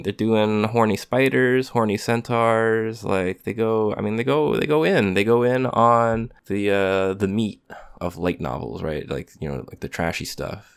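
A man co-hosts a podcast in casual chat, rambling with many fillers and restarts. His voice is lowish and smooth.

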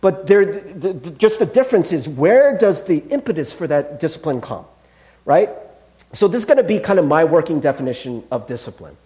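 A male pastor preaches in an animated way, acting out little scenes as he goes. His voice sits high for a man and leaps through a wide range, and he keeps asking his listeners questions. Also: moderate pace. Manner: asks the listeners questions often. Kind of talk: sermon.

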